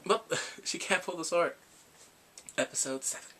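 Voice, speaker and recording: A man casually recapping a drama for his vlog, animated and acting out the characters' reactions with gasps and laughs. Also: high-pitched, normal speed. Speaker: K-drama reviewer.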